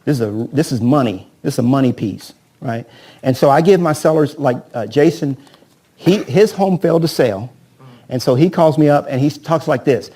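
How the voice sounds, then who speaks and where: Speaking at a moderate pace in a medium-pitched voice, a real estate trainer energetically leads a live seminar for agents. He peppers his talk with "right?" and audience questions, and role-plays sales scripts with an audience volunteer.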